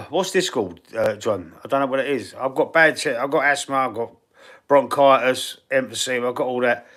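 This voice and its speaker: A man's voice: medium pitch, moderate pace, sharp tone. A middle-aged Cockney man chatting live. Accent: Cockney London. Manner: chatty and rambling, reads viewer comments aloud and answers them; blunt and swears casually. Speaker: football channel live-stream host. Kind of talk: casual live-stream chat.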